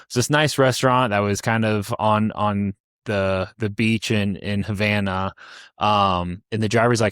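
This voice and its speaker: Low-voiced man telling a rambling story. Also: fairly even intonation, a little slow, a bit bright, clear, resonant tone, dry recording, clean studio sound. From United States. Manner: rambling storyteller, many restarts and fillers. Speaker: podcast co-host. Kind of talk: casual chat, personal travel story.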